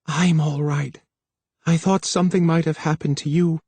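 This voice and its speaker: A man's voice: a little high, fairly even intonation, normal speed, darkish tone, husky, no echo, voice pushed up. An anxious, frightened young woman in a storybook reading, as a male narrator puts her on. She speaks in a raised, lighter voice and asks breathless questions. The recording is dry and close. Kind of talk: audiobook character voice.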